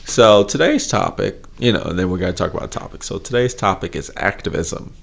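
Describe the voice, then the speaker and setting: A man's voice: deep voice, brisk, gravelly. A man hosting a casual live stream, talking in a laid-back, rambling way with frequent chuckles, sounding tired and a little drained. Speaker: host.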